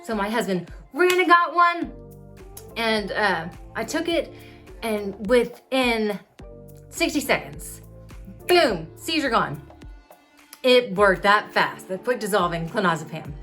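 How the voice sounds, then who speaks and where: A woman in her thirties speaks slowly and pauses often, her mid-range voice sharp in tone with big pitch swings, faint music behind. She tells viewers candidly about her epilepsy, open and confessional, with fillers in her conversational speech.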